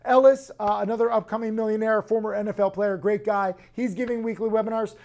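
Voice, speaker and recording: A man with a hoarse voice hosting in excitable, emphatic casual promotional talk. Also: high-pitched, fast. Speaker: host.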